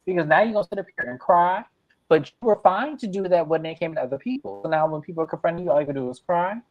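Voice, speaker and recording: A man's voice: high voice, quick pace, dry recording. A man reviewing a reality show, ranting bluntly with heavy profanity in a casual recap. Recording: dull lo-fi sound.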